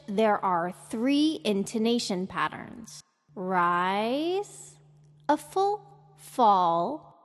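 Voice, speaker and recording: A woman teaching English intonation in a scripted podcast lesson, speaking with slow, careful deliberation. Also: on the high side, long reverb tail.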